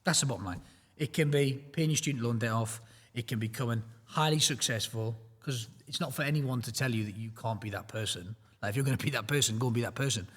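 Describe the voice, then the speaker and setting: A man with a husky, slightly breathy voice speaks in a studio whose long reverb trails after his words. His talk is a blunt, motivational roundtable chat broken up by joking asides. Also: medium pitch, fast talker. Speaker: prop trading firm team member.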